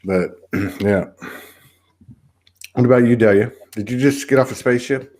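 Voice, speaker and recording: A man's voice: medium pitch, moderate pace, darkish tone. A man hosting a casual live online chat over a video call, talking in a rambling, reflective way with many restarts. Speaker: host.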